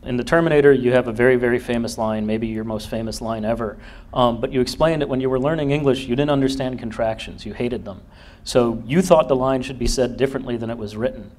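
A male interviewer asking questions in a brisk, prepared way. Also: mid-range voice, a little mellow.

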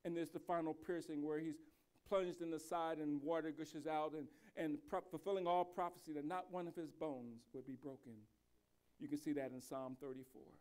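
A male pastor with a fairly high voice preaching a sermon. He drops to soft, reflective stretches, then builds to loud, slow, emphatic declarations, often stumbling and repeating words as he goes. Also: fairly even intonation. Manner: frequent restarts and repeated words.

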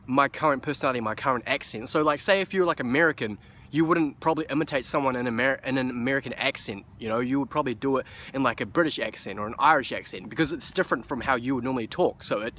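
A man's voice: medium pitch, quick pace, pushed and bright. A young man with a New Zealand accent talking casually to camera as a vlogger, loose and profane, rambling with lots of fillers.

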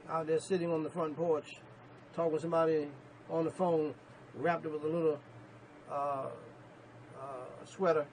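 This is a man, delivering a sermon as a pastor. His voice sits a little high with a gravelly edge, and he swings from quiet asides to loud emphatic bursts, repeating phrases for force. A faint hum of room ambience runs behind him. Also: little pitch movement, normal speed, long pauses, rough recording. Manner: emphatic preaching with repetitions and sudden loud peaks.

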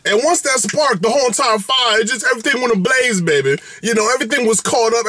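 A man's voice: expressive, quick pace, hardly any pauses, sharp tone, soft background music. A man giving an exuberant, playful vlog update as a food reviewer, swinging his voice up and down. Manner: exuberant, playful, big swings in pitch and catchphrases. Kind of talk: animated direct-to-camera vlog update.

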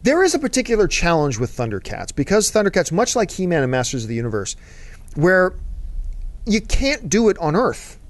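A man's voice: high-pitched, huge pitch swings, brisk, no echo. A man hosting a casual chat about movies, talking as an eager fan who rambles and drifts into asides. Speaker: show host answering viewer mail.

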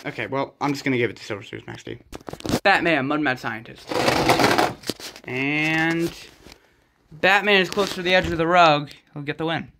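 A slightly high-voiced man rattles off quick, excitable play-by-play for toy truck races with sudden exclamations. He is at home on a rug floor, and the recording carries loud background noise with clicking sounds. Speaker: race commentator and organizer.

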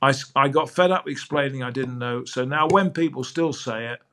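A man's voice: mid-range voice, moderate pace. An older man, a sports broadcaster, telling anecdotes as a guest on a podcast interview. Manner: lively, acts out quoted dialogue.

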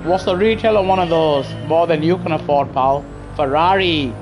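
Speaking fairly quickly in a somewhat high voice, this man reacts to his driving while streaming a racing game and casually chats with his audience. He's talkative and slangy, replying to chat through a gaming headset as engine sounds and music play behind him.

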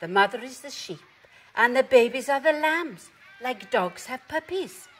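A woman's voice: high-pitched, animated, measured pace, fairly bright tone, soft background music, pitched above the performer's own voice. A woman voicing a cheerful, knowledgeable female dog who explains things to her friend. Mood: explaining. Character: eager bossy female dog, knows everything.

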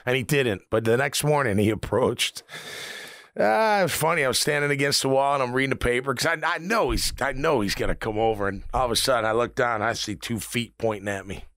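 A man's voice: medium pitch, a little fast, no room sound, studio quality. A middle-aged man, a former linebacker, hosting a sports radio show and telling locker-room stories with frequent laughter. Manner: storytelling, laughs often, animated. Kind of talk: casual sports talk.

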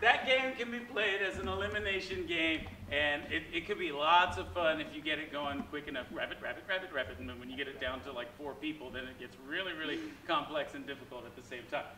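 A man teaching an acting class, explaining warmup games with energy. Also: fairly high pitch, a little fast, hardly any pauses, a little hiss or hum. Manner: energetic, demonstrating animal sounds. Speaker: drama teacher. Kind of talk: classroom instruction. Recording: echoey room.

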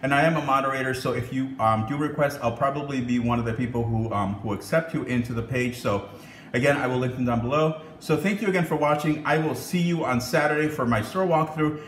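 A man's voice: medium pitch, fast, echoey room, slight background noise. A young man hosting a casual cooking vlog, upbeat and chatty, with lots of ums and small laughs. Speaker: cooking channel host.

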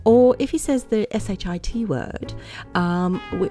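A woman's voice: medium pitch, unhurried, dark tone, faint music behind. A middle-aged woman vlogger chatting casually in a rambling, playful way and laughing often at her own jokes.

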